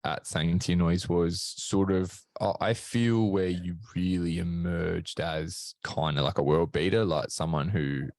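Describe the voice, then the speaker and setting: A man hosting a casual podcast interview, asking relaxed questions. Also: low-pitched, unhurried, few pauses, dry recording. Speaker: podcast host.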